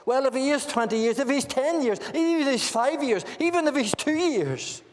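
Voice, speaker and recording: A man's voice: extremely high pitch, animated, normal speed, a little hiss or hum. A man with a Northern Irish accent preaching a sermon in a church meeting hall, earnestly putting questions to his listeners.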